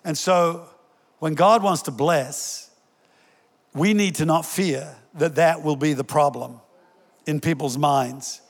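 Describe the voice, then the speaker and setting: A man's voice: on the high side, takes it slowly, vocal fry, in a large hall. An older male pastor giving a sermon in a conversational way, joking with the congregation and telling stories. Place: church hall.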